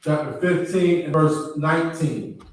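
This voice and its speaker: Slow male student reading, far off, echoey. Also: on the high side. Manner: slow, careful, formal reading. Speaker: student reader. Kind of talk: reading scripture aloud in class. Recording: distant voice in a very echoey room.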